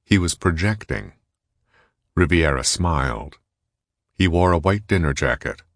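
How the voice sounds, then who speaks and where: A man narrating an audiobook in an even, measured reading. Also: low voice, creaky, no echo, studio quality. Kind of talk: scripted narration.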